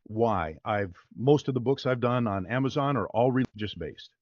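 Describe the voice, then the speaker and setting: A voice-over artist talking casually in an interview, upbeat and rambling with plenty of fillers. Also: male voice, mid-range voice, animated, moderate pace, dry recording, highs cut off.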